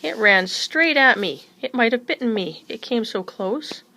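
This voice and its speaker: A woman's voice: expressive, measured pace, bright, forceful tone, slight background noise, full character voice. A woman reading aloud and voicing a frightened, indignant housewife who shrieks about a mouse. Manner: shrill, panicky.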